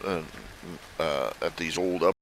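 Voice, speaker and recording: Middle-aged man, lowish bright voice, halting casual artist commentary. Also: slight background noise, poor audio. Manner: halting, full of "uh" fillers. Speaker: artist showing his commissions.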